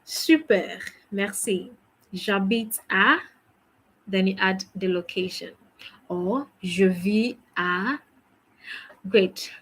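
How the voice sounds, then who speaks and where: A woman's voice: mid-range voice, very slow, pauses often, fairly bright tone, slightly rough, rough recording. A woman teaching a French lesson, patiently drilling phrases and praising each answer. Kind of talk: language lesson.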